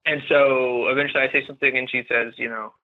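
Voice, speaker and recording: A man's voice: mid-range voice, steady tone, quick pace. A man, a podcast guest, telling his own story in an earnest, candid and reflective way. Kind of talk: personal storytelling. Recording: tinny phone-like line.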